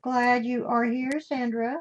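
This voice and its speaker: A woman's voice: on the high side, little pitch movement, takes it slowly. An older woman hosting a live craft demonstration, chatting in a homey way and greeting viewers with endearments. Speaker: craft show host.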